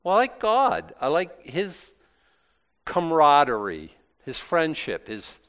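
A man's voice: a little high, huge pitch swings, takes it slowly, a bit bright. A male pastor giving an informal Bible talk, chatty and self-deprecating, with many restarts. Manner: conversational, rambling with many restarts; self-deprecating and lightly joking.

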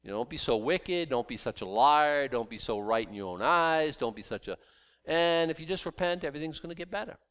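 Animated, sarcastic man teaching scripture. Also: on the high side, fairly quick. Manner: animated, sarcastic asides, frequent restarts. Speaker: Bible teacher. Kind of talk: conversational Bible teaching.

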